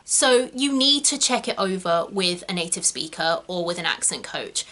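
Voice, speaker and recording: A young woman from England teaches actors in a chatty, emphatic way, full of quick asides. Her voice is bright and clear, with an ordinary middle pitch. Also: expressive. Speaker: acting coach. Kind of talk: talking-head tutorial.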